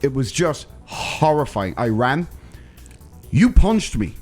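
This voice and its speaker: A man co-hosting a podcast, telling a story in casual comedic chat with exaggerated, animated delivery. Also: mid-range voice, slow pace, soft background music. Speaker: podcast co-host.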